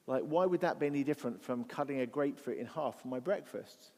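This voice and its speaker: A man's voice: medium pitch, quick pace, a little mellow. A man speaking as guest speaker at a church event, giving a conversational, reflective talk with restarts and rhetorical questions. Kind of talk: apologetics talk to an audience. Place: church hall. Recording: long reverb of a large hall.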